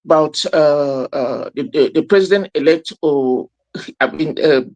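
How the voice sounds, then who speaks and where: A man, a professor, giving analytical commentary, halting with many fillers. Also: on the high side, a little mellow. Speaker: professor, panel guest.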